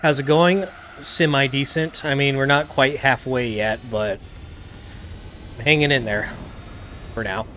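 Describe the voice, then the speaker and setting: A man's voice: medium pitch, fairly even intonation, measured pace, pauses often, bright, forceful tone, a little hiss or hum. Laid-back man with a worn-out throat. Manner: laid-back, self-deprecating, rambling asides. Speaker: gaming streamer. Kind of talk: casual let's play commentary. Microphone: desk mic.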